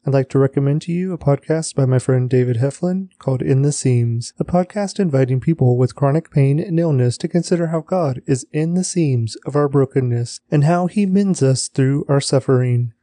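A man's voice: medium pitch, moderate pace, few pauses, dark tone, dry recording. A man hosting a daily reading podcast, speaking directly and in a friendly way to listeners as he wraps up. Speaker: podcast host. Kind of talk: podcast outro announcement.

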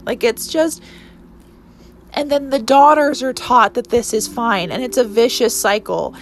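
A woman's voice: high voice, expressive, measured pace, a little hiss or hum. A woman in her twenties hosting her own podcast, talking earnestly and emotionally in a rambling monologue full of restarts. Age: 20s. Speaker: podcast host. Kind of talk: casual solo podcast monologue.

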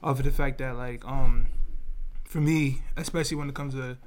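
A man's voice: mid-range voice, moderate pace. A man with a mid-range voice talks casually on a podcast. His phrasing is loose and slangy, and he often restarts and checks in with his listeners. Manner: relaxed slangy talk with restarts and "you feel me". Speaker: podcast co-host.

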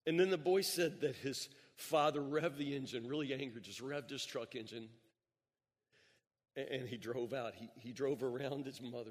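A pastor preaches in a husky, mid-range voice, telling stories with the steady rhythm of the pulpit. He repeats words as he goes and raises his voice to stress points. Each phrase trails off in long reverb through the large church sanctuary.

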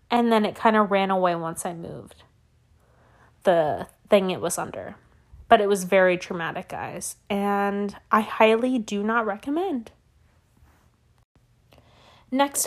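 A young woman hosting a solo podcast, telling a story as a profane, animated rant that swings up and down. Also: a little high. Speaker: podcast host.

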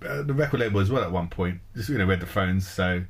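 Low-voiced man, rambling casual co-host. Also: lively intonation, fast talker, slightly rough. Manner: rambling, swears, jokey storyteller. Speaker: podcast co-host. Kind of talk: casual chat.

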